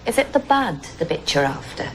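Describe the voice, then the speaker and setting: An actress playing a widowed woman gardener in a film scene, soft-spoken and modest. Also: mid-range voice, sing-song, a little fast, a little hiss or hum. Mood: gentle. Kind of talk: film dialogue.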